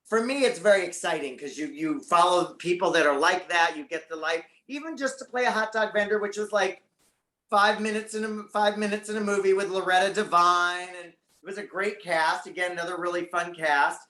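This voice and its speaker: A man's voice: high-pitched, brisk, bright, forceful tone, echoey room. A man as a guest on a talk show, chatting casually and animatedly about his career. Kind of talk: casual interview chat.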